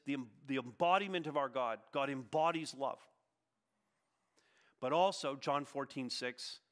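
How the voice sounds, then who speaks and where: Bright-voiced male pastor preaching. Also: on the high side. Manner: emphatic preaching, swinging from loud to hushed. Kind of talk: sermon.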